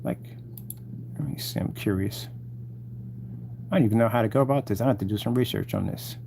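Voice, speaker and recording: Man ranting on a live stream, gloating, mocking, dark mellow tone. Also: fairly low pitch, brisk, creaky, a little hiss or hum. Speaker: channel host taunting rivals. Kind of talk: rambling live-stream rant.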